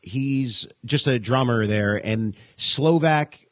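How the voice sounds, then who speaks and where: A man's voice: mid-range voice, slow pace, no echo. A man co-hosting a podcast in casual chat, rambling, laughing often and swearing freely. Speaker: podcast co-host. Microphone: podcast mic.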